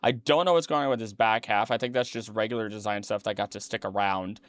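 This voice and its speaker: A man's voice: on the low side, fairly even intonation, fast, fairly bright tone, no room sound. Dry-voiced man riffing in casual reaction. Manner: rambling, self-correcting, chatty asides. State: tired, yawning late at night. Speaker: streamer reacting to a documentary.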